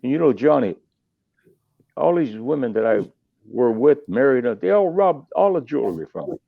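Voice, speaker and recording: A man's voice: mid-range voice, lively intonation, normal speed, vocal fry, no room sound. An older man, a musician guest on a podcast, telling long rambling stories with salty asides and restarts. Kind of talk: casual storytelling. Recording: tinny phone line, dry.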